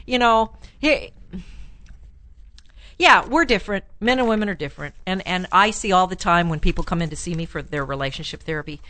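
A woman hosting an advice show as a relationship therapist, answering listener letters in a chatty, animated way and laughing often. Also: fairly low pitch, no echo. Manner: chatty and animated, laughs often, plays up lines with mock exclamations.

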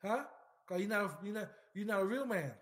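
A man's voice: high-pitched, lively intonation, normal speed, fairly bright tone. A man, a military veteran, ranting in emphatic political commentary, repeating himself, swearing and firing questions straight at the listener. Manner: emphatic, repetitive, profane, lots of direct questions at the listener.

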